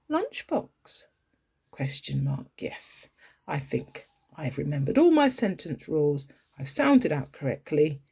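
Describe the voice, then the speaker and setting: A woman's voice: low-pitched, mellow, breathy edge. A woman teaching a phonics lesson to young children from home, in an exaggerated sing-song way, playfully pretending to make mistakes. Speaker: early years teacher.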